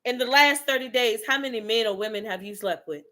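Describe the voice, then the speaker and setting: A woman's voice: fairly high pitch, brisk, bright, forceful tone. A woman giving a fiery motivational monologue, blunt and profane, calling out her listeners directly and preaching tough love. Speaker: motivational speaker.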